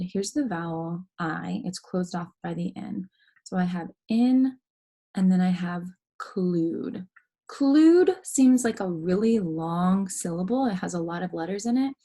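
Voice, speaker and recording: A woman teaching a phonics lesson to young students, explaining word parts slowly and carefully, step by step. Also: medium pitch, mellow.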